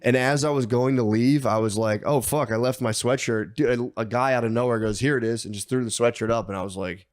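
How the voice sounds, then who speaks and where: A man's voice: mid-range voice, fairly even intonation, a little fast, few pauses, no echo. A young man co-hosting a podcast, telling a rambling story full of swearing and stammered restarts. He acts out his own thoughts and quotes as he goes. The sound is dry and close. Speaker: podcast co-host. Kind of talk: casual storytelling chat.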